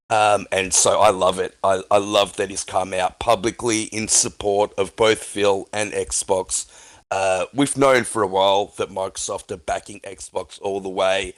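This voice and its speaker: A man's voice: low voice, no room sound. A man on a casual gaming podcast, talking enthusiastically and with emphasis. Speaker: podcast guest.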